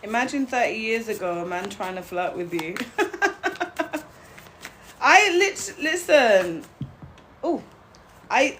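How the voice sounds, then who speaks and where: A woman's voice: on the high side, big pitch swings, takes it slowly, pauses often, a bit bright. Young woman, live-stream tarot host, blunt and chatty, laughs easily, faint noise underneath. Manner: blunt and chatty, greets viewers, laughs often. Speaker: livestream tarot reader. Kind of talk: casual live-stream chat.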